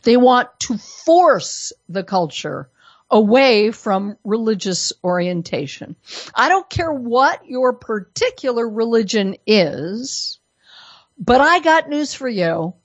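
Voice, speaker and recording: A woman's voice: fairly high pitch, dry recording, lo-fi sound. A woman from Colorado giving an opinion monologue as a commentator, full of sarcastic, mock-innocent asides. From Colorado, USA. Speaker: political commentator.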